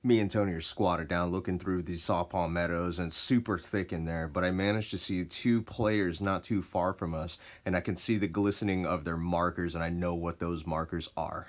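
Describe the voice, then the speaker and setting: A man casually telling a story, laid-back and expressive, with plenty of swearing. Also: low-pitched, moderate pace, few pauses.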